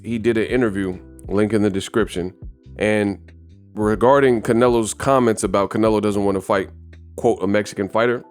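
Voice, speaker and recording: A man hosting a casual boxing news channel, giving animated, emphatic commentary and repeating words for stress. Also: fairly low pitch.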